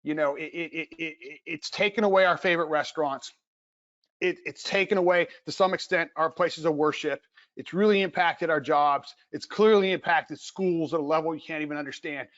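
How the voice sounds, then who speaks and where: An earnest middle-aged man gives a casual lecture from his home, animated and prone to restarting his sentences. His voice sits fairly high for a man. The sound is dull and lo-fi, like a home video call. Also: normal speed. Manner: animated, earnest, many restarts and repeated words. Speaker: exercise researcher giving a talk. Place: home, with noise from upstairs.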